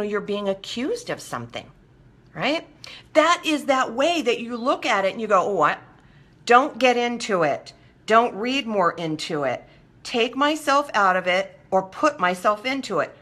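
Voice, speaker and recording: A woman hosting a talk show, her voice bright and forward, with a wide, lively swing in pitch. She talks in a chatty way and acts out quoted exchanges. She keeps asking her listeners whether they follow. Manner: animated, acts out little dialogues in quotes; conversational, checks in with listeners. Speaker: host. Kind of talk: talk show monologue on recovery.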